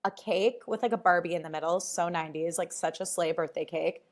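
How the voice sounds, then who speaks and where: A woman hosting her own podcast, telling stories in a casual, animated way, full of fillers and swearing, and acting out the voices she quotes. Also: on the low side, fairly quick. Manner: chatty, filler-heavy, swears freely. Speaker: podcast host. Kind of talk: casual chat.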